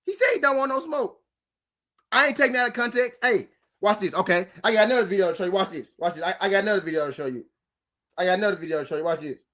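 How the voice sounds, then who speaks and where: A man's voice: high voice, very fast, fairly bright tone. Heated boxing channel host, a man. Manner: repetitive, profane, heated, talks straight to viewers. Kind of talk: casual reaction rant.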